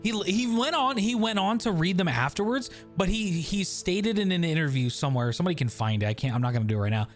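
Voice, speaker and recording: A man's voice: high voice, animated, quick pace, hardly any pauses, soft background music. Rambling, foul-mouthed male streamer. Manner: rambling, swearing, tangents. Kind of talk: casual gaming commentary.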